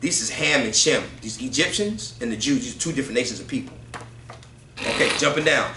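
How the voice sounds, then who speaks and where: Lively, bright-voiced man teaching a group. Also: medium pitch, fairly quick, echoey room, slight background noise. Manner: loose, conversational, asks the room "right?". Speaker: teacher leading a group study. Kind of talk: religious group study, reading aloud from books.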